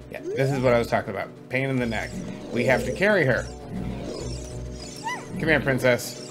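A man's voice: medium pitch, lively intonation, normal speed, pauses often. Chatty man over game music. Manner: chatty, self-deprecating, laughs at his own slips. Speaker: gaming channel host. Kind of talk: game playthrough commentary.

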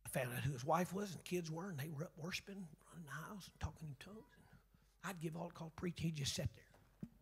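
A sixty-year-old preacher with a gravelly, raspy voice that sits a little high for a man. He tells his story from the pulpit, dropping to hushed asides and then shouting out to the congregation. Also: quick pace. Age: 60s. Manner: storytelling, swings from shouting to near-whisper. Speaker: revival preacher. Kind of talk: sermon. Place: church sanctuary.

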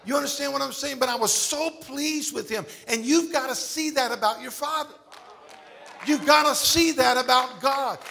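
A middle-aged male pastor preaching a sermon in a church, emphatic with shouts and exclamations. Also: very high voice, creaky. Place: church sanctuary.

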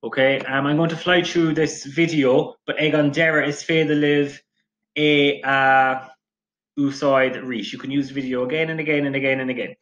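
Young man, teacher, clear classroom explaining, frequent check-ins. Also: medium pitch, fairly even intonation, normal speed, fairly bright tone, highs cut off. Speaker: Irish language teacher. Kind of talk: classroom lesson to camera.

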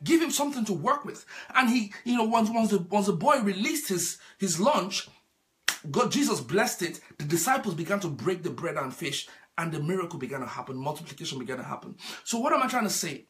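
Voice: mid-range voice, big pitch swings, normal speed, fairly bright tone. A preacher delivering a sermon, repeating key phrases and asking the congregation rhetorical questions.

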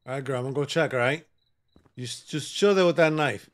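A man's voice: medium pitch, quick pace. A man giving joking, sassy commentary while he plays a horror game, bantering with the characters on screen. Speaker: gaming channel host.

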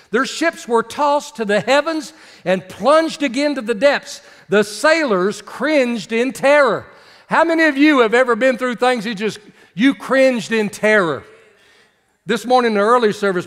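High-voiced preacher in a reverberant church. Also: male voice, a bit bright. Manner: preachy, calls out to the congregation. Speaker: pastor. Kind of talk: sermon. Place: church sanctuary. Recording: long reverb of a church hall.

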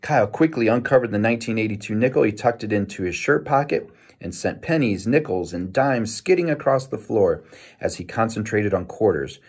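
A man reading a children's novel aloud in a lively storytelling manner, with small self-corrections. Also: fairly low pitch, brisk, slightly rough. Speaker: reader.

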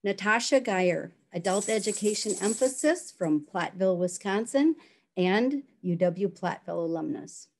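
A woman giving a formal, measured commencement address and reading out the names of graduates. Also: medium pitch, animated, a little mellow. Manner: measured, congratulatory. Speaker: education program speaker.

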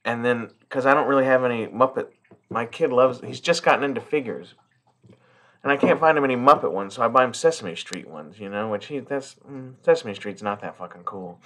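A man's voice: medium pitch, a little fast, bright, forceful tone. A middle-aged man chatting casually and profanely as he unboxes a toy collector's gift, rambling and heartfelt.

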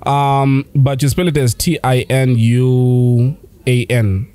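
A man's voice: mid-range voice, flat delivery, slow, dark tone, clean tone. A young man from Zambia co-hosting a podcast, bantering and teasing his co-host in casual chat.

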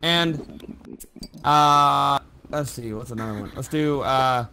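A man hosting an improvised comedy show over game voice chat, animated, often shouting and laughing. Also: medium pitch, slow pace, gravelly, a little hiss or hum.

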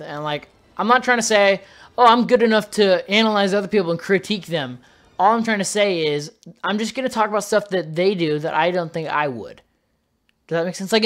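A man giving casual, chatty commentary on gameplay, excitedly calling out moves and tossing in "dude" and "bro.". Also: sits high. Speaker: gaming YouTuber.

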